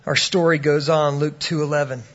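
Storytelling preacher, higher male voice. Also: little pitch movement, moderate pace, lo-fi sound. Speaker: pastor. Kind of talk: sermon.

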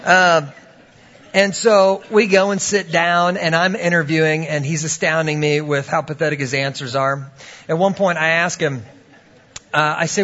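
A man's voice: a little high, fairly even intonation, moderate pace, sharp tone, dull audio. A man preaching a sermon, telling a personal story and acting out the voices of the people in it. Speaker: pastor.

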